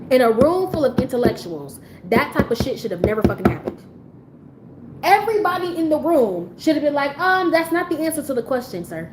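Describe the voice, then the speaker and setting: A woman's voice: sits high, slight background noise, low-quality recording. A woman giving a blunt, profane commentary rant on a live stream, talking in an incredulous tone.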